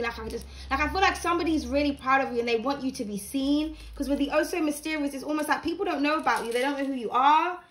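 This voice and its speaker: A woman's voice: sits high, quick pace, hardly any pauses, a bit bright. A young woman giving a casual, encouraging tarot reading to camera at home, chatty and full of fillers. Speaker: tarot reader. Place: home room with blinds open.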